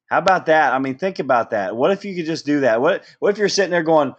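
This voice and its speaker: Energetic man coaching with constant "okay?". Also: fairly high pitch, fast, lo-fi sound. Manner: energetic, repeats "okay?" and "right?" to the audience. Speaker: business trainer. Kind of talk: motivational training talk.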